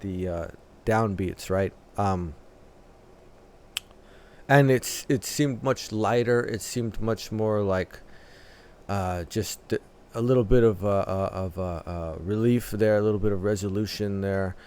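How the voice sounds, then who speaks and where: Low, smooth-voiced man reacting to music. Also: darkish tone. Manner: thoughtful, analytical, many filler pauses.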